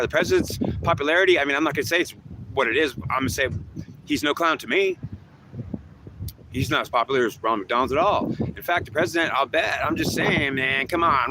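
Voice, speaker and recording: A man's voice: medium pitch, background noise. A man talking in a rambling, repetitive monologue, often restarting his sentences.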